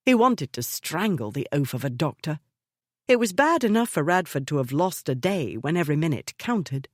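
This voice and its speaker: A woman narrating a historical romance audiobook in a measured, even storytelling manner. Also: low-pitched, no echo, studio quality. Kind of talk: scripted narration of a romance novel.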